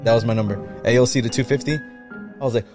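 Animated man telling a wild story. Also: mid-range voice, quick pace, music in the background. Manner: animated, swears a lot, mixes in Spanish phrases. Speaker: podcast guest telling a story. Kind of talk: casual storytelling.

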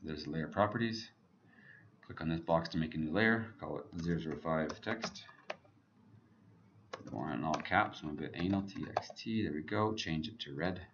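A man teaching a software tutorial over his screen, talking casually and thinking aloud as he clicks through each step. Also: rumbling low, normal speed, dull audio, a little hiss or hum.

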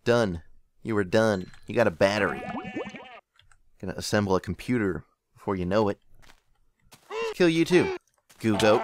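A young man giving casual gameplay commentary as a channel host, excitable and often yelping in surprise. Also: on the low side, normal speed, pauses often. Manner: excitable, exclaims and yelps often.

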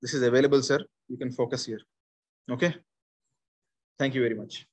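A man in his forties with an Indian English accent, running a conversational training session on public speaking, animated and speaking straight to his listeners. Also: medium pitch, fairly quick, breathy edge. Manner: animated, repeats points, addresses listeners directly.

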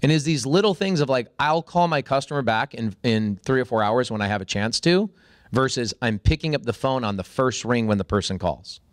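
A man talking as a podcast guest, telling a story with energy and jumping into high, excited voices when he acts out what people said. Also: fairly quick, dry recording, studio quality. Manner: acts out quoted dialogue with sudden high-pitched bursts. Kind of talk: animated storytelling in conversation.

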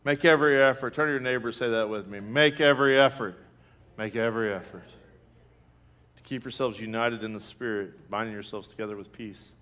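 A man, preaching a sermon with lively storytelling and acted-out reactions. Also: on the low side, a little fast. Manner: storytelling, animated, acts out his own reactions; laughs through jokes. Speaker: pastor.

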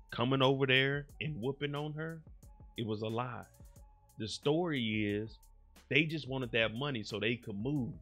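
A man casually recapping a TV episode in an animated way, slipping into the characters' lines, with AAVE speech and light music behind him. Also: mid-range voice, creaky. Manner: animated, acts out characters' lines in quick bits. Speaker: recap host.

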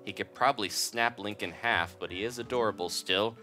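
A man giving casual, jokey commentary over a game playthrough as the video's host, chatty and quick to laugh. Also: fairly low pitch, pushed and bright, soft background music.

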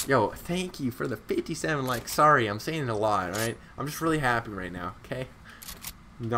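Excitable young gamer streaming live. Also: male voice, on the low side, a little hiss or hum. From Scotland. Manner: excitable, slangy gamer chatter with sudden outbursts. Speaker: game streamer. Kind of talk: live gameplay commentary.

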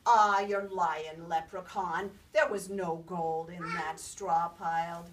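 A woman's voice: fairly low pitch, steady tone, slow pace, pitched below the performer's own voice. A woman voicing a lazy, headstrong young girl who speaks boldly and impatiently, in a told storybook tale. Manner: bold, impatient. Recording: distant mic, faint background noise.

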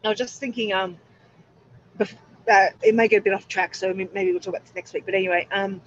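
A woman's voice: medium pitch, fairly even intonation, quick pace, a little hiss or hum. Woman, anxious, rambling, self-interrupting, lo-fi dull recording. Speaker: co-host. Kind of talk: casual spiritual chat. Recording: dull lo-fi sound.

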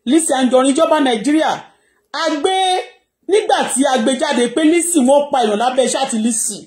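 A woman's voice: sits high, animated, rapid-fire, a little mellow. A Nigerian woman blogger whose first language is Yoruba, ranting impassioned on a live stream and raising her voice. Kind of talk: live social media rant.

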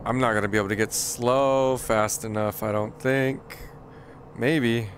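In a steady, slightly slow mid-range voice, a man plays a flight game live with background noise around him. He makes casual conversation with his viewers and jokes at the expense of his own piloting skills.

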